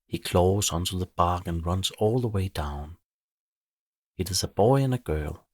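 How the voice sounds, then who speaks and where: A man calmly narrating a bedtime story for children in a measured way. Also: low voice, no room sound, clean studio sound.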